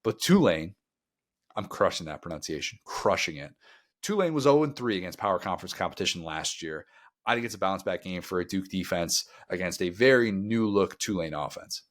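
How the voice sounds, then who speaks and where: A man with a fairly low voice co-hosts a college football podcast in easy, casual talk. He is wry and opinionated, stretching out words for emphasis. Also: animated, brisk. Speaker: podcast co-host. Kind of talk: casual sports podcast chat.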